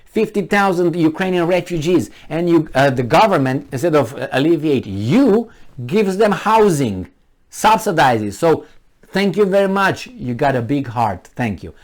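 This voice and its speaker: A man delivers biting commentary on the news, reading headlines and then jabbing at them with sarcastic asides. His voice rises and falls widely in pitch as he scoffs and emphasizes his points. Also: very animated, a little slow. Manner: talks back to the news, with scattered laughs and asides. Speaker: video commentator.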